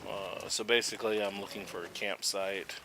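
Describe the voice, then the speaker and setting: Male gaming host, low and bright-toned, easygoing commentary explaining the game. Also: normal speed, a little hiss or hum, poor audio. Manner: relaxed, chatty, explains game mechanics as he plays. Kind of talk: casual gameplay commentary.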